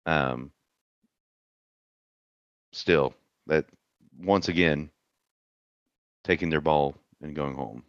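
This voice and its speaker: A man's voice: very deep voice, very slow, pauses often, no echo. A man co-hosting a casual sports chat, talking in a dry, sarcastic way. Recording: dull lo-fi mic.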